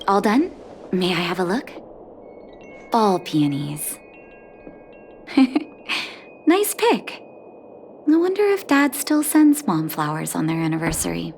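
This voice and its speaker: An actress voicing an earnest young woman returning to her family in a video game, speaking softly. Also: lowish voice, sing-song, slow, vocal fry, pauses often, slight background noise, exaggerated voice. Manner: earnest and soft-spoken. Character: grown daughter and doctor, earnest and emotional. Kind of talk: game voice acting.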